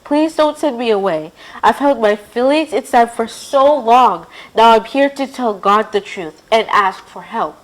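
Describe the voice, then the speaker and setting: A woman's voice: fairly high pitch, animated, a little slow, hardly any pauses, low-quality recording. A woman doing a tearful praying young woman. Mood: pleading. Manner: pleading, heartfelt.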